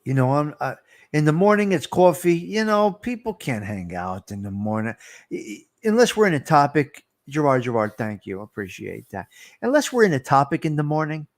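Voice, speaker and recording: A man's voice: a little high, big pitch swings, normal speed. Rambling, teasing man. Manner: rambling and teasing, talks to viewers by name. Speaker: livestream host. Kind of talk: casual live-stream chat.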